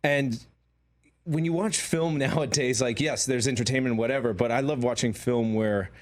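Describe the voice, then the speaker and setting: A man's voice: medium pitch, normal speed. A man from Queens, raised in Georgia, chatting loosely as an actor guest, rambling with lots of fillers and easy laughs. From Queens, New York; raised in Georgia. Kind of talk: casual interview chat.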